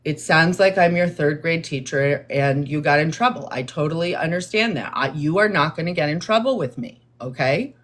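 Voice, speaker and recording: A woman talking slowly and deliberately to her livestream viewers, in a calm, measured tone that she says viewers hear as condescending. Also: deep voice. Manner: deliberate, therapist-like, calm and explanatory. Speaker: livestream host responding to chat. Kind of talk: slow, measured live-stream talk to viewers.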